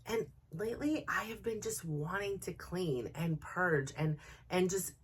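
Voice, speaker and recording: A middle-aged woman hosting a podcast, telling a personal story in a chatty, animated way with lots of fillers. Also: on the low side, measured pace, husky. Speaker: podcast host. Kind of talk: casual storytelling monologue.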